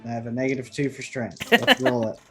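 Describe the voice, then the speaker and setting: A woman's voice: a bass voice, sing-song, a little fast, vocal fry, over music. A woman playing a tabletop game, speaking theatrically in character. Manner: theatrical, shouting lines, laughing. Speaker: player.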